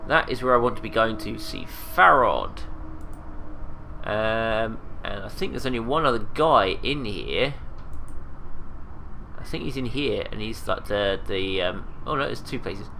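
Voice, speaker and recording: Gravelly man playing a game. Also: lowish voice, lively intonation, measured pace, sharp tone, a little hiss or hum. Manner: rambling, hesitant, many "uh"s. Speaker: game commentator. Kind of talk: casual let's play commentary.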